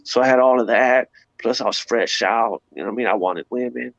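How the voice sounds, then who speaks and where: A man, an interview guest, giving a personal testimony in an animated, slangy storytelling way, acting out sounds as he goes. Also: medium pitch, a little fast, creaky, no room sound. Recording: dull lo-fi dry sound.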